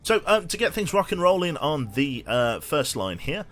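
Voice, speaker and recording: Man, young adult, game streamer, very animated pitch, rambling, cursing, restarts, soft background music. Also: normal speed. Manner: rambling, swearing, many restarts. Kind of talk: casual live-stream chat.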